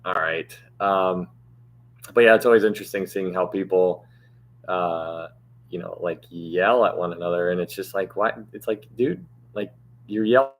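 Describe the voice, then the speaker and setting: A man's voice: low voice, moderate pace. A man hosting a livestream Bible study, chatting casually and thanking viewers by name, his voice strained and cutting out. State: strained voice that cuts out.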